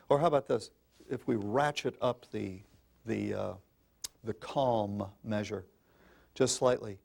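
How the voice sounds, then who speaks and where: A man's voice: medium pitch, lively intonation, unhurried, vocal fry, a little mellow. An older man giving an emphatic public talk on parenting to an audience, calling listeners folks in a folksy, insistent manner. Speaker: parenting speaker.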